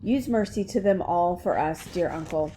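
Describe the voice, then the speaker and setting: A woman's voice: fairly low pitch, warm tone, a little hiss or hum, close to an everyday voice. A woman reading a commanding king. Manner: measured, formal verse reading. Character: commanding English king at war.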